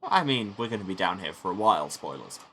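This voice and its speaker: A man's voice: sits low, big pitch swings, quick pace, a bit bright, slight background noise. A man hosting a let's play, joking about the story and mocking his own accents. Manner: self-mocking, jokey asides. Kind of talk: joking game commentary.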